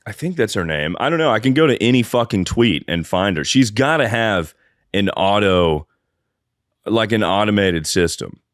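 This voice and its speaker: A man's voice: on the low side, expressive, moderate pace, no echo, studio quality. A man co-hosting a comedy podcast, talking in a rambling, profane way and going off on tangents. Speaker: podcast co-host. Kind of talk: casual comedy podcast chat.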